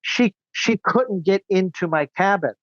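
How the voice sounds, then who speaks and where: A man's voice: high-pitched, expressive, a bit bright, dry recording, lo-fi sound. A man as a podcast guest, recounting his story in an earnest, indignant way. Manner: earnest, indignant, quick asides. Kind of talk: casual interview storytelling.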